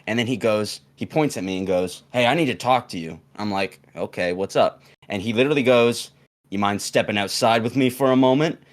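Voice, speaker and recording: A young man casually telling a long story on a podcast, rambling with fillers and restarts and acting out the quoted lines. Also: mid-range voice. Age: young adult.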